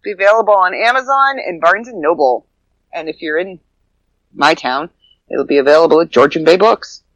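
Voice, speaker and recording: A woman's voice: lowish voice, lively intonation, normal speed, fairly bright tone, no echo, highs cut off. Blunt, joking woman. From Canada. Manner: blunt, joking, swears casually. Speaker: podcast co-host. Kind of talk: casual podcast chat.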